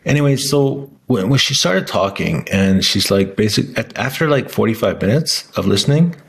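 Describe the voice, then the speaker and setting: A man's voice: on the low side, lively intonation, normal speed, creaky, breathy edge. A man talking casually to camera in a rambling way, with many restarts and fillers. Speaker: vlogger.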